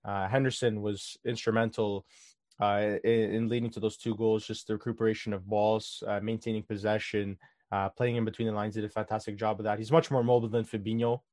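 A man co-hosting a casual football talk show, giving animated analysis with lots of "uh" and "um". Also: fairly low pitch, a little fast, no room sound, studio quality. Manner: animated, filler-heavy analysis. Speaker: co-host.

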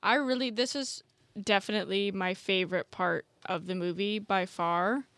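A young woman co-hosts a film review podcast and gives earnest, considered takes. Her pitch sits in the middle. The sound is close and dry. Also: fairly even intonation, normal speed, fairly bright tone, dry recording. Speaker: podcast co-host. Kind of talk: casual film review chat.

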